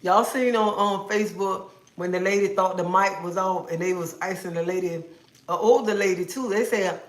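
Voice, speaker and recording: A woman's voice: medium pitch, steady tone, moderate pace. Sassy woman chatting on a livestream. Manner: sassy, chatty, scolding viewers playfully. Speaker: livestream host. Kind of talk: casual livestream chat with viewers. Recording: roomy echo.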